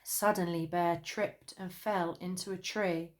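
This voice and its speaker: Expressive woman reading a children's story. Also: on the low side, unhurried, a little hiss or hum. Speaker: narrator.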